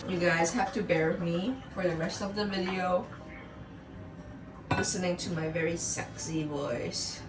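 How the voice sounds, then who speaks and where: A young woman from Macau, slightly hoarse from being sick, chatting casually and rambling playfully in a vlog. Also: lowish voice, steady tone, a little slow, heavy background noise. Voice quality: raspy. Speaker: vlogger. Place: home kitchen. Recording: echoey room, camera a bit far off.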